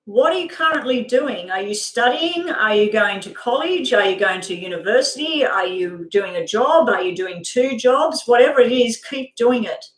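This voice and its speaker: Casual woman reading tarot live, fairly high voice, talks straight to viewers, swears now and then, roomy echo. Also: animated, moderate pace, hardly any pauses, a bit bright. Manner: chatty, laughs often, talks straight to viewers. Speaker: tarot reader.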